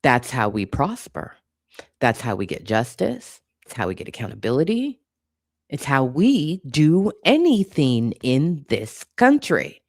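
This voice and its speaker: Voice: mid-range voice, wildly swooping pitch, a little slow, no room sound, clean studio sound. A channel host giving an impassioned commentary monologue, blunt and profane, hammering points home with repetition.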